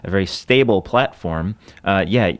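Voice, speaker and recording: Male podcast co-host, low voice, loose joking chat. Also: normal speed, smooth. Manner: laughs often, loose and joking. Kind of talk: casual chat.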